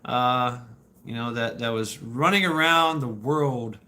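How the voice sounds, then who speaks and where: A man in his forties rambles through viewer questions on a live stream. His voice is bright and forceful. He halts often, repeats words and laughs between stories. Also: medium pitch, takes it slowly.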